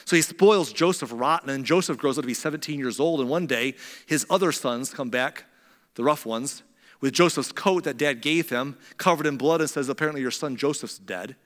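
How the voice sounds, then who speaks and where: A man preaching a sermon in a conversational way, dropping to a quiet, intense tone on serious points. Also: on the high side, normal speed, big-room sound. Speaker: pastor.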